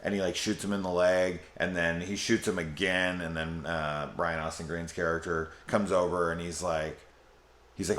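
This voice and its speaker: A man with a very deep voice talks through a film in a loose, rambling way. He swears freely and gets excited about what he liked. The room around him has a noticeable echo. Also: normal speed. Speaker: film reviewer. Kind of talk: casual spoiler review. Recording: echoey room.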